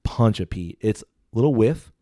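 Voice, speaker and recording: A man's voice: lowish voice, animated, moderate pace, mellow, dry recording, clean studio sound. A man co-hosting a podcast, chatting casually at a whiskey tasting, laughing often and thinking aloud. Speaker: podcast co-host.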